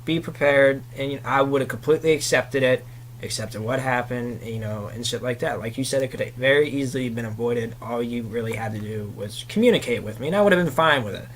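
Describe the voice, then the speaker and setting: Young male guest, mid-pitched, rambling storyteller, faint hum under the voice. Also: fast, fairly bright tone. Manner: rambling, frequent "you know" fillers. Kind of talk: casual chat.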